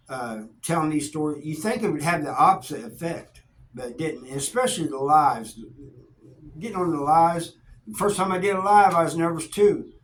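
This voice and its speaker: A middle-aged man tells his stories in a relaxed, folksy way. His voice sits a bit high for a man. A faint background hiss runs under the recording. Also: rough recording. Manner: laid-back, folksy, animated when quoting people. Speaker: YouTube storyteller. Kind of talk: casual storytelling to camera.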